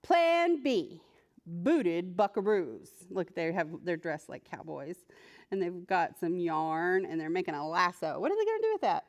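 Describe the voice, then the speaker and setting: A woman librarian reading a picture book aloud to preschoolers, playful and animated, talking to the characters and laughing often. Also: lowish voice, a little slow. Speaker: children's librarian.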